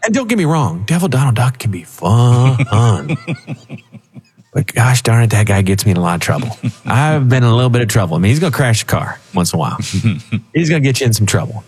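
A man co-hosting a financial radio show, telling stories with animated chat. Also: mid-range voice, a little fast, husky, in a large hall. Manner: animated storytelling with laughs. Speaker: financial advisor co-host.

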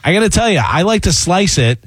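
A man's voice: high-pitched, big pitch swings, brisk, no room sound. A man hosting a casual chat, reading out poll results between joking asides. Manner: chatty, reads out poll results. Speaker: host.

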